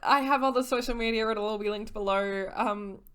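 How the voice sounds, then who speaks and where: A woman's voice: fairly high pitch, normal speed, a bit bright, clear, resonant tone. A tipsy woman talks straight into her camera, slurring her words as she rambles through a book recap. She swears freely and breaks off into giggly asides. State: drunk, slurring. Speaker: book vlogger. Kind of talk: casual book series recap.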